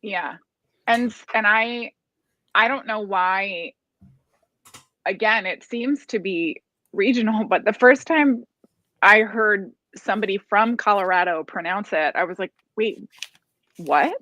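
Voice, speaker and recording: A woman's voice: medium pitch, a little slow, a bit bright, no echo, poor audio. A woman from the US East Coast chatting as a panel guest, rambling with restarts. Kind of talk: casual panel chat.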